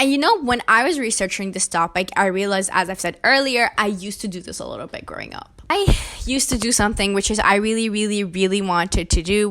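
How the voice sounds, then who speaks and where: A woman's voice: mid-range voice, a bit bright. A young woman from an Arabic-speaking country, talking frankly in a casual opinion vlog with chatty, self-deprecating asides. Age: young adult. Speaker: vlogger.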